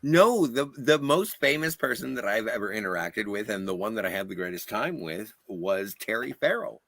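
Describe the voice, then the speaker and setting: Gravelly, halting man on a panel. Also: fairly low pitch, expressive, a bit bright, no echo, studio quality. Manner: halting, with many fillers and restarts. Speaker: livestream panelist. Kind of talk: panel debate and anecdote.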